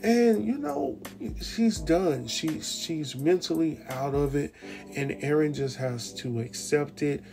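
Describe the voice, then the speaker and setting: A man's voice: on the high side, animated, slow, gravelly, over music. A man hosting a casual TV episode recap, telling it in a loose, slangy way and retelling scenes as dialogue.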